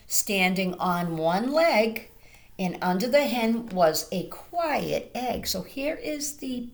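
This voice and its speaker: A woman teacher reading a picture book aloud to young children in a gentle, sing-song way, speaking to them directly. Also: mid-range voice, slight background noise. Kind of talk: children's storytime read-aloud.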